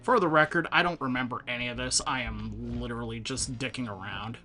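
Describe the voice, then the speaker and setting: A man's voice: mid-range voice, brisk, bright, forceful tone, soft background music. A man chatting loosely and joking while he plays a video game, dropping into silly mock voices. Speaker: let's play host. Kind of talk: casual gameplay chat.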